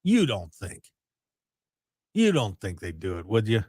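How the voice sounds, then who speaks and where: Lively, teasing male radio host. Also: on the low side, a little slow, slightly rough, no echo, clean studio sound. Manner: lively, teasing, animated storytelling. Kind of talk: casual radio chat.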